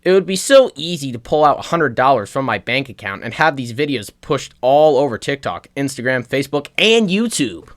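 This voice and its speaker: Young guy reading a script, stern and measured, mid pitched. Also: sing-song. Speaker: video narrator. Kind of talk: scripted narration.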